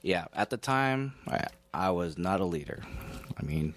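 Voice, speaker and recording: A man chatting as a podcast guest, telling a story in a playful, animated way. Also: measured pace, noisy background. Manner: animated, playful, swings his pitch. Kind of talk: casual storytelling chat.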